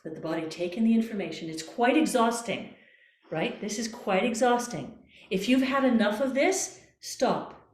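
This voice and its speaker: A woman voice coach calmly guiding a breathing exercise, repeating gentle cues. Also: a little high, normal speed. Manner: calm, coaxing, repeats cues. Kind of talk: guided breathing exercise instruction. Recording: echoey room.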